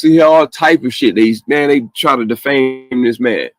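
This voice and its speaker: Profane animated man, dry sound. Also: medium pitch, normal speed, few pauses, no room sound, low-quality recording. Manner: profane, animated, laughs often. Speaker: podcast host. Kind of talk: casual opinionated chat.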